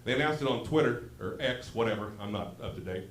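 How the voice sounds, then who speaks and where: A man with a thick Southern West Virginia accent tells self-deprecating jokes in a drawling, storytelling way. He speaks into a handheld mic on a comedy club stage. The room is echoey, and a steady noise runs under his voice. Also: mid-range voice, fast talker. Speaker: stand-up comedian. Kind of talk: stand-up comedy set.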